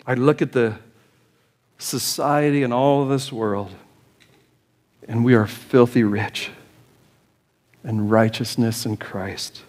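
An American man delivering a church sermon as pastor. He preaches with conviction in a mid-range voice that climbs high and urgent when he presses the call. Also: fairly even intonation, slow pace, pauses often, a little mellow. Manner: impassioned, rising to urgent high-pitched pleading.

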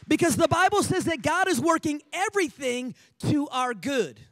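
A man's voice: extremely high pitch, animated, moderate pace, fairly bright tone, no room sound. A male pastor preaching a sermon with energy and strong emphasis.

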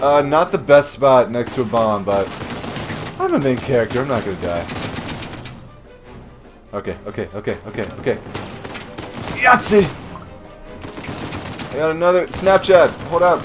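A man's voice: mid-range voice, big pitch swings, normal speed, long pauses. Joking, cursing young-sounding gamer guy. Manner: jokey, swears a lot, shouts at enemies. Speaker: gamer doing a let's play. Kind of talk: casual gameplay commentary. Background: faint game music and gunfire.

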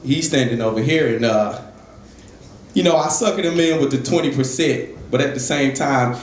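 A man's voice: medium pitch, moderate pace. A young man telling a loose, profane stand-up story at an open mic in a jazz club. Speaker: stand-up comedian. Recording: roomy club with faint ambience.

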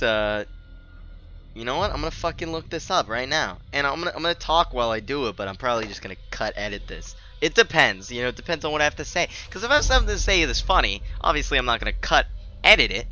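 A man's voice: mid-range voice, bright, forceful tone, lo-fi sound. A man giving rambling, profane, joking commentary while playing a video game. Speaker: gamer. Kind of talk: let's play commentary. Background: game audio.

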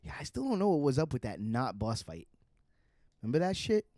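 A man's voice: mid-range voice, wildly swooping pitch, quick pace, a little mellow, no room sound. A man giving casual, profane live commentary while playing a video game, chatting to himself and to the game. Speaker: streamer.

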